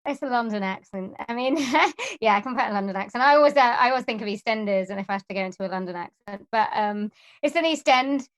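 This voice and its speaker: Woman, voiceover artist guest, upbeat, chatty, voice sits a touch high. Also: animated, fast. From Wales. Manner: chatty and upbeat, laughs easily. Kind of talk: casual interview chat.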